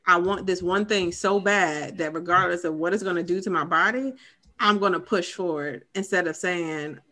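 A woman's voice: lowish voice, moderate pace, sharp tone. A woman in her thirties co-hosting a podcast, telling a personal story in a candid, casual way with lots of fillers. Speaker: podcast co-host.

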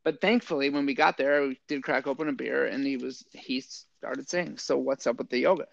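Speaking at a normal speed, this middle-aged army veteran turned yoga teacher has a medium pitch with vocal fry. In a casual interview he animatedly tells stories, acting out quotes and using "like" constantly. The audio is dry and dull.

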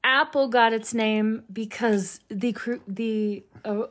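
High, giggly woman podcast co-host. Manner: giggly, quick to laugh. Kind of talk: casual podcast banter.

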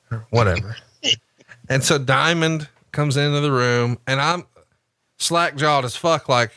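A man's voice: medium pitch, measured pace, bright, forceful tone, no room sound, clean studio sound. A man hosting a podcast, telling a crude, teasing story about his co-host in casual chat.

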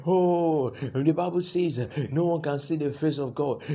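A man's voice: a little high, normal speed, gravelly, hardly any pauses, warm tone, breathy edge. A man preaching a sermon with an opening prayer, fervent and repetitive, pressing his points with rising emphasis. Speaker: pastor.

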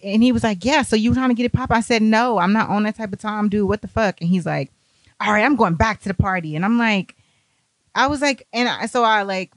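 A woman speaking spins a casual, profane story, jumping up and down in pitch as she acts out everyone's lines. Her voice sits mid-range, and the recording is dry and close. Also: dry recording. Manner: animated, profane, acts out other people's lines.

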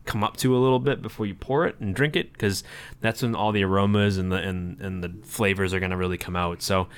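A man's voice: low-pitched, fairly even intonation, quick pace, clean tone. A man co-hosting a podcast, talking casually and enthusiastically with lots of fillers. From Florida. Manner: rambling, enthusiastic, many fillers. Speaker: podcast co-host. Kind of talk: casual chat.

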